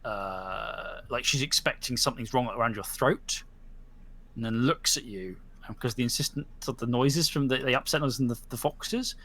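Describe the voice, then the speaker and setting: A man narrating a tabletop role-playing game as game master over an online voice call, in lively, halting speech full of restarts. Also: mid-range voice.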